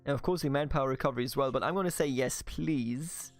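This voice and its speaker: A man's voice: mid-range voice, very fast, no room sound. German-accented male gamer, chatty let's-play narrator, faint backing music. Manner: chatty, jokey, thinks aloud with restarts. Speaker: gaming YouTuber. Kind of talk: strategy game let's play commentary.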